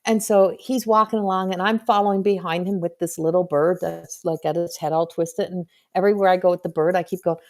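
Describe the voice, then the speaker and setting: A woman's voice: on the low side, fairly even intonation, a little fast, hardly any pauses. A woman hosting a live stream as a spiritual medium, talking in a chatty, earnest and frank way, with playful swearing.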